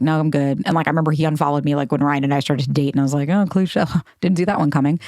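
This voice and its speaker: A woman in her thirties hosts a solo podcast and tells her own story in a casual, unfiltered way. Her voice sits on the lower side, and she swears freely while acting out old text messages. The sound is close and dry, with no room around it. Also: a little mellow, dry recording. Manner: casual, candid, swears freely, acts out texts. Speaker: podcast host.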